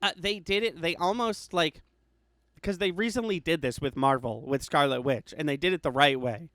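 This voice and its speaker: A man's voice: fairly high pitch, normal speed, fairly bright tone, dry recording. A man co-hosting a podcast, chatting casually about a movie and rambling with many restarts and fillers. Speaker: podcast co-host.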